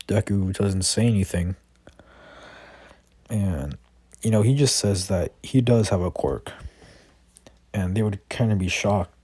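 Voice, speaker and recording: A man's voice: on the low side, a little slow, pauses often, dark tone, husky, no echo. A man casually improvising a fan-made story, rambling with lots of fillers and restarts.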